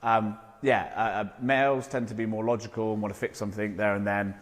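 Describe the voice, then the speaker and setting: Animated questioning man, echoey room. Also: fairly low pitch, fairly quick. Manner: animated, questioning, casual swearing. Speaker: podcast conversation partner. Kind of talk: casual podcast conversation.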